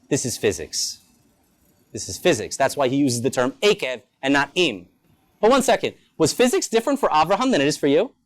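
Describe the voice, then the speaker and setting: A man, a rabbi, teaching a lunchtime Torah class with rhetorical questions and playful asides. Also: on the high side. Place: school campus.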